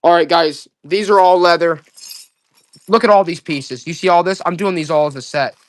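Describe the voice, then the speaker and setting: A man with a fairly high voice hosts a live auction stream. He hypes each piece with excited seller talk and calls out to his viewers. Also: moderate pace. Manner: excited hype salesman talk.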